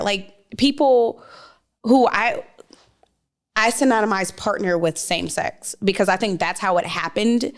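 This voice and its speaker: A woman's voice: mid-range voice, unhurried. Blunt, teasing woman podcast co-host. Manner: blunt and teasing, swears casually. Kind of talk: casual chat.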